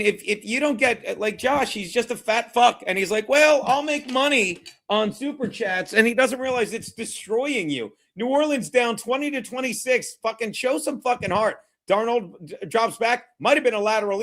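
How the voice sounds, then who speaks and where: A man's voice: high-pitched, a bit bright. A man hosting a live football watchalong stream, reading chat and calling plays in a brash, mocking, rambling way with heavy swearing. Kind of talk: profane live sports watchalong commentary.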